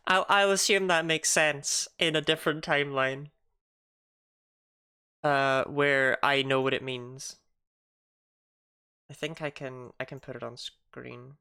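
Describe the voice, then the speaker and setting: Woman, streamer, chatty, self-mocking, bright tone. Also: a bass voice, clear, resonant tone. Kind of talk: casual game commentary and reading aloud.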